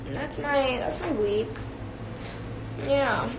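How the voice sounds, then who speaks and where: Chatty giggly young woman live on her phone, kinda high voice, echoey room w faint bg noise. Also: slow pace. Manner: chatty, giggly, filler-heavy. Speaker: beauty influencer. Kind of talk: casual live-stream chat with viewers.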